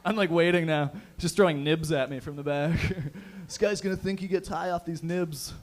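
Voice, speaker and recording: A man's voice: a little high, normal speed. A man hosting a live stand-up show from a bar stage, bantering crudely with the crowd on a handheld mic. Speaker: stand-up host.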